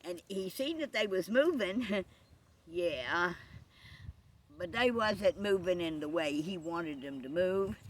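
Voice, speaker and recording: A woman telling a folksy joke story with drawn-out asides. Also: lowish voice, animated, no room sound.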